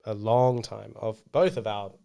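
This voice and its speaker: A man's voice: fairly low pitch, fairly even intonation, a little slow, vocal fry, warm tone, clear, resonant tone. A young man co-hosting a podcast in casual, playful chat with mock-announcer asides. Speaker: podcast co-host.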